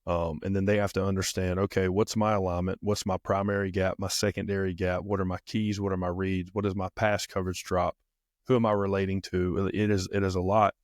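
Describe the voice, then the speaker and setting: A man co-hosting a football coaching podcast, calmly walking through defensive assignments step by step in a casual chat. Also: deep voice, brisk, no room sound, studio quality.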